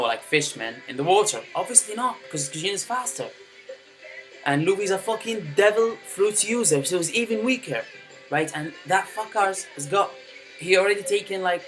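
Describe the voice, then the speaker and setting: A young man with a slightly high, very bright, forceful voice rants casually, peppering every sentence with swearing and "you know, man". Faint music plays behind him. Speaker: anime fan commentator. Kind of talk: casual rant to camera.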